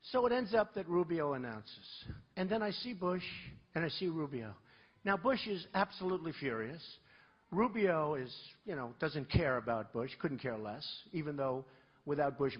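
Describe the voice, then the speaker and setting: Man, husky voice, high animated pitch, rambling boastful rally speech, muffled lo-fi recording. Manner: rambling, boastful, conversational storytelling. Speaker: presidential candidate. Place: large rally venue.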